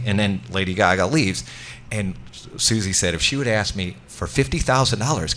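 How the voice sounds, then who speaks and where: Middle-aged male guest, rambling storyteller, bright low-ish voice, faint hiss. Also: fast talker. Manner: rambling, self-interrupting anecdotes. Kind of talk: casual storytelling.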